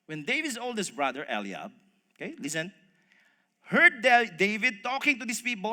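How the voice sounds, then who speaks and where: A man preaching a sermon, telling a story with animated voices and speaking to the congregation as folks. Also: high-pitched, moderate pace. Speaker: pastor. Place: church hall. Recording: long reverb of a church hall.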